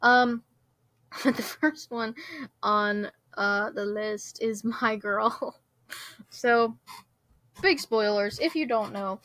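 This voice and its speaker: A woman's voice: on the high side, slow pace, pauses often, fairly bright tone, no room sound. A young adult woman chatting casually as a vlogger, rambling with lots of fillers and frequent giggles. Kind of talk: casual chat.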